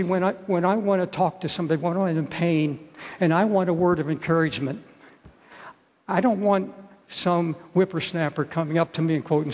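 An older man preaching a sermon as a pastor, earnest and halting, often restarting his words. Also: fairly high pitch, slight background noise. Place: large church. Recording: church hall reverb.

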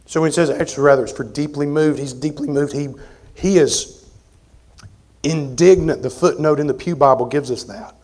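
A man preaching an expository sermon as pastor, conversational, moving between forceful emphasis and quiet asides. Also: on the high side, moderate pace. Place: church sanctuary.

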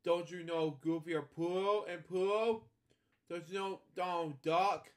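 A man's voice: high voice, fairly even intonation, a little slow. A man voicing an indignant cartoon duck while reading a storybook aloud. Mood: exasperated.

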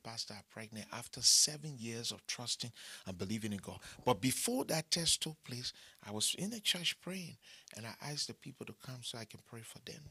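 A man's voice: medium pitch, pushed and bright, breathy edge, no room sound. A man, preaching a sermon, telling stories and asking for money with humor, repeating short phrases for emphasis. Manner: storytelling preacher who mixes humor with appeals for money. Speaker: pastor.

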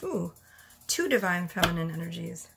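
A woman's voice: on the low side, lively intonation, normal speed, creaky, music in the background. A woman giving a casual tarot reading, chatty and rambling, a little out of breath. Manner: chatty, rambling, self-correcting. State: slightly out of breath. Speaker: tarot reader.

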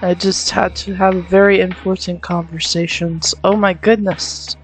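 A woman narrates her video game playthrough in a chatty, giggly way, often mocking herself. She talks at an unhurried pace. Faint game music plays behind her. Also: lowish voice, little pitch movement. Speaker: gamer playing through a game. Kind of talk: let's-play commentary.

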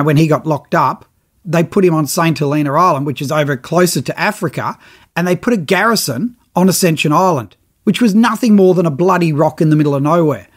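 A middle-aged man tells a story on his podcast in a loose, chatty way. His voice sits a touch high for a man, and he brings the other people in his tale to life with quick bits of dialogue. It all feels easy and conversational. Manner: animated, acts out others' lines in his own voice. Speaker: podcast host telling a travel story. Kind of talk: casual storytelling.

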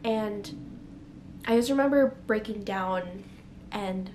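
A woman's voice: mid-range voice, slow, darkish tone, a little hiss or hum. A young woman telling a candid, emotional personal story to camera, close to tears at times and full of fillers. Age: young adult. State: near tears. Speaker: vlogger. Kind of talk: personal confessional vlog.

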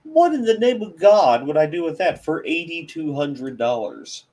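Animated, rambling man hosting a stream. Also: on the high side, moderate pace. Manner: rambling, hesitant, self-deprecating. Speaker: host of a car channel live stream. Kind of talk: casual live-stream chat.

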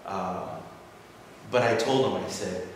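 A man in the audience tells a personal story casually. He rambles, with many fillers and restarts, and he turns animated when he quotes others. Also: low voice, takes it slowly. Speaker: audience member sharing a story. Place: assembly hall. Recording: distant echoey hall recording with clear room noise.

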